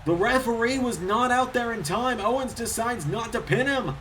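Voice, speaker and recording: A man giving solo play-by-play commentary over a wrestling video game, getting louder and higher at the big moves. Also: normal speed, slight background noise. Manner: excitable, rises in pitch and volume at big moves.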